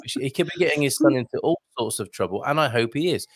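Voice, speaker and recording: A man's voice: mid-range voice, expressive, fast talker, no echo. A man hosting a casual livestream, chatting playfully and reading out viewer comments. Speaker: host.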